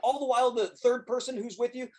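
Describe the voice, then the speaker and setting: A man on a comedy podcast describing a joke idea, halting with lots of uh's and breaking into laughs. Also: very high-pitched, flat delivery. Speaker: podcast co-host. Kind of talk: casual comedic chat.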